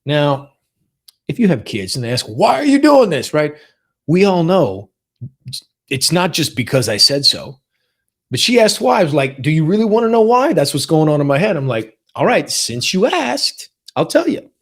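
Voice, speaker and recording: A man's voice: fairly high pitch, normal speed, husky. A man in his forties hosting a podcast, telling a family story casually and with lots of energy. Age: 40s. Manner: animated storytelling, quoting family members in lively voices. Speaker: podcast host. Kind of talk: casual solo podcast talk.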